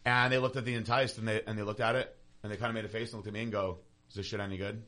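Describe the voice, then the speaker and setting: A man's voice: lowish voice, little pitch movement, pushed and bright. A man co-hosting a podcast in casual chat, telling stories with dry, sarcastic jokes. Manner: fast, joking, sarcastic storyteller. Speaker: podcast co-host.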